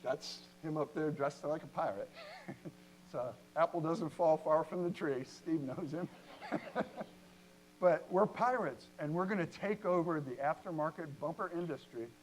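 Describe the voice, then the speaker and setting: Animated older-sounding man telling stories. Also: a little high, a little hiss or hum, rough recording. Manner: animated, jokey storytelling with laughs. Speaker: company co-founder giving a talk. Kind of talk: storytelling talk to an audience. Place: lecture hall at a university event.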